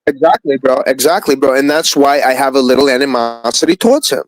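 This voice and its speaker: A man's voice: medium pitch, quick pace, no room sound, rough recording. A man ranting profanely in a heated live-stream chat, repeating himself as he airs a grudge. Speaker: stream participant.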